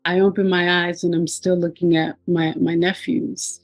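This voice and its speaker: A woman's voice: on the low side, little pitch movement, moderate pace, dry recording, faint music behind, low-quality recording. A woman recounting her near-death experience in a reflective, personal storytelling manner. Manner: reflective, quotes herself and others with raised voice.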